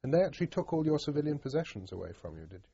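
A man's voice: on the high side, sing-song, very fast, creaky, mellow, breathy edge, no echo. A man conducting an oral history interview, asking probing questions with stumbling restarts. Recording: dull lo-fi recording.

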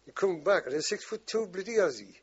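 A man's voice: high-pitched, expressive, fairly quick, slightly rough, lo-fi sound. An older man, telling war stories in a rambling, salty way in an oral history interview. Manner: rambling, salty storytelling with frequent swearing. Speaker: veteran interviewee.

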